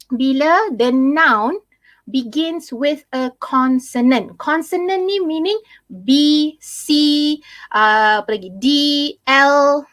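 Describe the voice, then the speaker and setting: A young woman with a Malaysian accent tutors students over a video call. Her voice sits high, and her talk slides between English and Malay, full of fillers and restarts. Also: fairly bright tone. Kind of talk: online class teaching.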